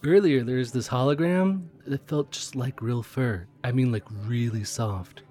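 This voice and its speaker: An actor playing a friendly, chatty train conductor in an audio drama role-play, curious and easily excited. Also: male voice, mid-range voice, unhurried, lightly acted.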